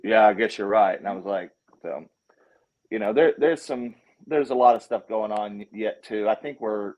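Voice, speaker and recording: Speaking at normal speed in a voice on the low side, this Southern US-accented documentary filmmaker tells stories as a guest in casual conversation. He's lively, acts out what people said, and keeps restarting his sentences.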